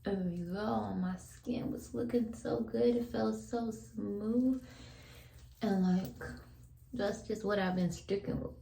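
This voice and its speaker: A woman's voice: medium pitch, steady tone, slow, creaky, dark tone, reverberant, low-quality recording. A young woman, whispering a laid-back, chatty vlog at home while she brushes her teeth and washes her face. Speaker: vlogger. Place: home bathroom.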